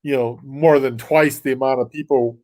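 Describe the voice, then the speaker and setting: A man's voice: medium pitch, steady tone, normal speed, darkish tone. A man talking as a guest on a livestream, rambling in a casual way with lots of restarts and small chuckles. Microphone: desk mic.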